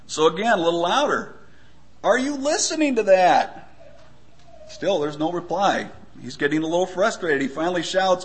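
A man giving a conversational sermon, often pausing with fillers and stumbling for words. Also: medium pitch, fairly bright tone. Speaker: preacher.

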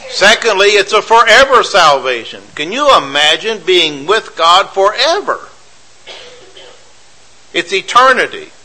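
Emphatic bright-voiced male preacher. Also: sits high, very animated, a little slow, low-quality recording. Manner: emphatic, repeats phrases for effect, rhetorical questions. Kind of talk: sermon.

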